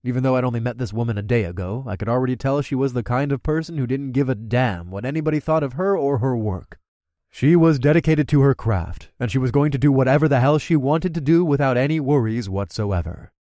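A man narrating a first-person audiobook in a steady, wry way. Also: medium pitch, a little fast, no room sound, clean studio sound.

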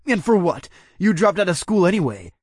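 A taunting young frat bully, loud, sneering and cocky, his voice pitched up above the narrator's own, as a male audiobook narrator puts him on. He mocks each word in a close, dry recording. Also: sing-song, fairly quick, no room sound. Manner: sneering, mocking.

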